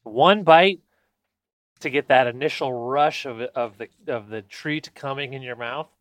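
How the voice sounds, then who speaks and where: A man's voice: medium pitch, a little slow, fairly bright tone, no echo. A man co-hosting a casual podcast chat, prone to giggles and crude jokes, often restarting his sentences. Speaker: podcast co-host.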